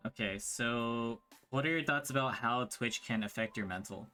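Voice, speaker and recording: A man's voice: mid-range voice, moderate pace, pushed and bright, soft background music. A man hosting a podcast, giving short encouraging replies to his guest. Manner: brief encouraging responses. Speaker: podcast host. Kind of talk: casual interview chat.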